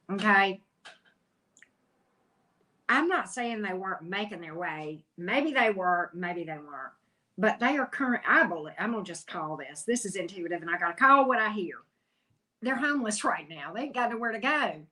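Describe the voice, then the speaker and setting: A woman's voice: medium pitch, animated, normal speed, pushed and bright, low-quality recording. A woman hosting a live tarot stream, chatty and teasing, greeting viewers by name as she reads the cards. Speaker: tarot reader hosting a livestream. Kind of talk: casual livestream chat.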